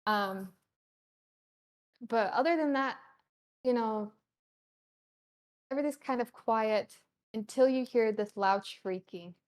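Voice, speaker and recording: Slow, halting woman narrating as game master. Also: fairly high pitch. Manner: halting, full of ums and you-knows.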